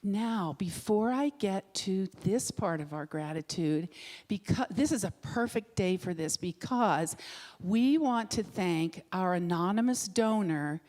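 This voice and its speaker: A woman's voice: mid-range voice, expressive, unhurried, a little mellow. Woman making announcements in a reverberant sanctuary. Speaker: announcer at a spiritual center. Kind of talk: church announcements. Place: church sanctuary.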